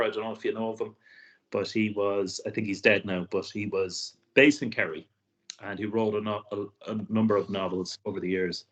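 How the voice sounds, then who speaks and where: A man interviewing a guest, reflective and agreeable in a relaxed chat. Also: fairly low pitch. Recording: dull lo-fi audio.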